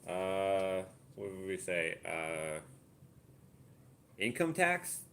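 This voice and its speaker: A man's voice: deep voice, very animated, drawn-out words, fairly bright tone, slight background noise. A Canadian man hosting a casual live Q&A from his home art studio, thinking aloud and muttering while he looks things up and works out sums. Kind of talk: casual live-stream chat.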